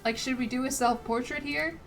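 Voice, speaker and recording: A woman whose voice sits high, with fairly even intonation and a slightly fast delivery, streams a strategy game over faint music. She casually narrates by reading the game text aloud, fumbling words, swearing, and sprinkling "like" throughout her asides.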